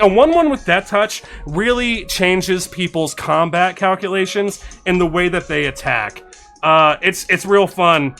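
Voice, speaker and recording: Soft music plays faintly while a bright-voiced man with a slightly high pitch chats on his live stream. Using a desk microphone, he reviews card suggestions, thanking followers and reading the text in quick, excited bursts.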